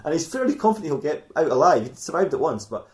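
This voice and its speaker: Man, comedy podcast storyteller, rambling, laughs a lot, rapid delivery. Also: a little high, big pitch swings, a little mellow. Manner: rambling, laughs often at his own jokes. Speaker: podcast co-host telling a fan fiction story.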